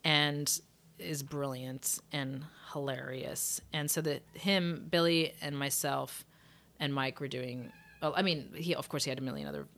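A woman with a low but bright, forward voice talks loosely as a singer guest in a relaxed interview. She rambles with fillers and restarts and sometimes mimics how she would phrase a line. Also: unhurried. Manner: chatty, loose, full of "like" and restarts, acts out phrasings. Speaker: singer and session musician, guest. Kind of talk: casual interview chat.

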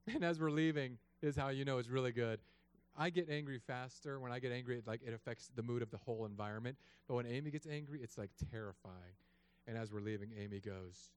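A man in his thirties, a pastor, telling a story in a sermon with an animated, joking delivery. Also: medium pitch, fast, smooth. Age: 30s.

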